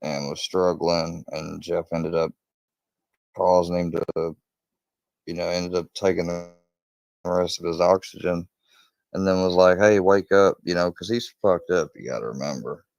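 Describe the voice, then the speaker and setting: A man with a very low voice talks in a loose, rambling way, swearing freely. He jumps up into a higher, louder voice when he acts out what people said. The sound is close and dry, with no room around it. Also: fairly even intonation, unhurried, vocal fry, pauses often, no echo. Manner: profane, rambling, acts out quotes in a raised voice. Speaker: true crime storyteller. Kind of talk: casual storytelling rant.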